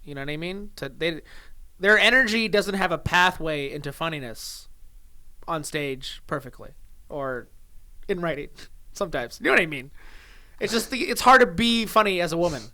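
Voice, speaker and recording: A man's voice: fairly high pitch, animated, normal speed, bright, forceful tone. A young adult male comedian in casual podcast chat, rambling, laughing often and trailing off mid-thought.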